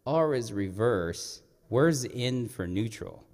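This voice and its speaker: A man's voice: animated, slow pace, darkish tone. A man voicing his eight-year-old self, an eager and nervous boy who stammers in a raised, flustered voice. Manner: flustered, high-pitched, stammering. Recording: echoey performing arts hall.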